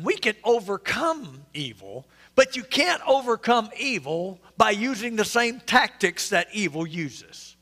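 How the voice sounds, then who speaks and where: A man's voice: sits high, sing-song, unhurried, hardly any pauses, sharp tone, long reverb tail. A male pastor, preaching an interactive, joking sermon and questioning his congregation. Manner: conversational, quizzing the congregation, joking asides. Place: church sanctuary.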